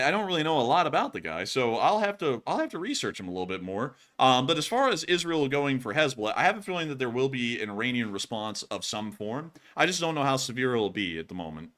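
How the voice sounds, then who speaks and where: Bright-voiced Southern man chatting. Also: medium pitch. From Alabama. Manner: easygoing, rambling with restarts. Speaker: co-host of a war news show. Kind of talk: casual chat answering viewer donations.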